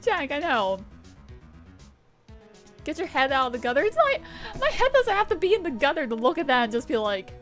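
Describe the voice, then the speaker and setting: A woman's voice: high-pitched, sing-song, brisk, pauses often, a bit bright. A young woman streaming a game, chatting casually in a rambling, filler-heavy way and laughing often, with faint game music behind her. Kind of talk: casual gameplay commentary, reading game text aloud.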